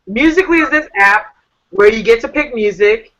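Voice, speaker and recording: A woman hosting a casual live video chat, reading out viewer messages in a sassy, animated way over a computer or phone mic. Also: a little high, moderate pace, lo-fi sound. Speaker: talk show host. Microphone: computer or phone on a video call.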